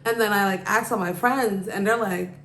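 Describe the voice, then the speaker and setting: A woman hosting a podcast talks at a moderate pace in a medium-pitched, fairly bright voice with fairly even intonation. Her storytelling is casual and rambling, heavy on "like" and "you know." An echoey room and a little hiss or hum are audible.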